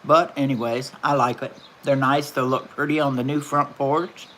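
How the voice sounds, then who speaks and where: A woman's voice: extremely low pitch, fairly even intonation, moderate pace, a bit bright, a little hiss or hum. A middle-aged woman, chatting casually and telling folksy stories while hosting a livestream. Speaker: livestream host.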